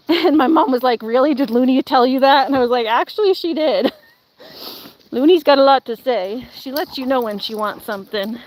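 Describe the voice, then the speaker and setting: A young woman vlogging with her dog, chatting casually, laughing often and slipping into sing-song baby talk. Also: on the high side. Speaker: pet vlogger.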